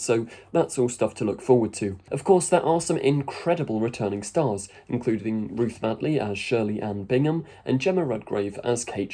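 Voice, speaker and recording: A man's voice: medium pitch, warm tone. A man giving a chatty, rambling video review with casual asides. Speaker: YouTube reviewer.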